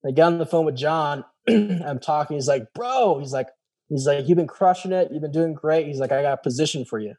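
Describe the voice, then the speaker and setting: This guest speaks fairly quickly in a voice on the high side, recounting something that happened to him in a relaxed chat. Lively and filler-heavy, he performs the quoted lines and keeps saying "I was like."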